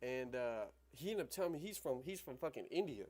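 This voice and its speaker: A man's voice: medium pitch, expressive, a little fast, a little mellow, faint music behind. A young man hosting a livestream on trading, talking casually in slang and laughing often.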